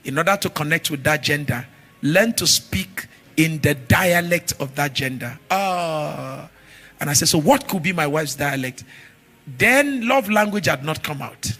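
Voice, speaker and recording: A man preaching a sermon, telling stories with animated shifts from shouts to murmurs. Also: on the high side, unhurried. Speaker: pastor.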